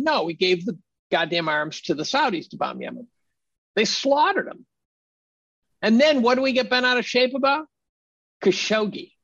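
A man's voice: sits high, expressive, normal speed, creaky, long pauses, a bit bright, breathy edge, no room sound, dull audio. A man speaking as a podcast guest in casual conversation, emphatic and argumentative.

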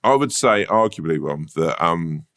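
A podcast co-host with a low voice at a normal pace chats casually and tells stories. He's an animated storyteller who swears freely and laughs a lot.

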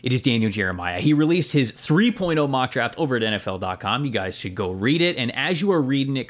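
A man hosting a casual sports podcast, upbeat and quick with asides and laughter. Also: mid-range voice, fairly bright tone. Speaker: podcast host.

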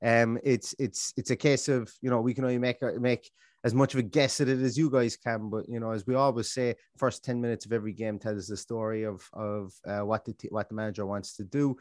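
A man's voice: medium pitch, little pitch movement, brisk, a little mellow, no echo, studio quality. A man, co-hosting a casual football podcast and talking in rambling runs full of restarts and fillers. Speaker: podcast co-host.

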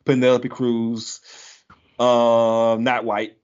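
A man's voice: mid-range voice, completely flat delivery, very slow, a little mellow, clean tone. A man hosting a casual podcast, running through lists and chuckling easily. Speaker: podcast host. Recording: dull lo-fi sound.

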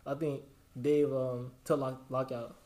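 A man's voice: medium pitch, level tone, measured pace, darkish tone. A young man on a podcast chatting casually in slangy banter, talking about his clothing brand. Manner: laid-back slangy banter, laughs often.

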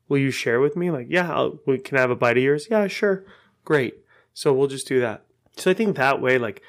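A man giving a casual, rambling personal update, correcting himself and swearing freely. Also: mid-range voice. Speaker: vlogger giving a monthly update.

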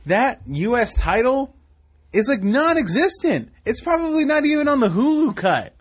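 A man co-hosting a casual wrestling podcast, talking in an excitable way, jumping in often and laughing easily. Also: extremely high pitch, normal speed, breathy edge. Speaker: podcast co-host.

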